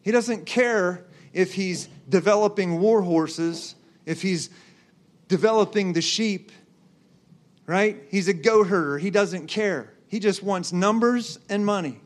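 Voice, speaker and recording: A man's voice: sits high, slow pace. A man preaching a sermon, driving his points with repeated rhetorical questions to the congregation. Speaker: pastor.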